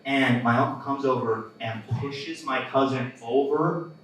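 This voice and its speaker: A man's voice: mid-range voice, a little slow, fairly bright tone, heavy reverb, recorded from a distance, low-quality recording. A young man doing a live stand-up set, telling stories in a casual way with lots of fillers and laughs. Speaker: stand-up comedian. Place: comedy club stage.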